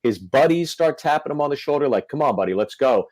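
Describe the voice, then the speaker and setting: A man's voice: medium pitch, lively intonation, fast, darkish tone, no echo, poor audio. A male comedian telling a story on a podcast, acting out the quotes. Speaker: comedian guest.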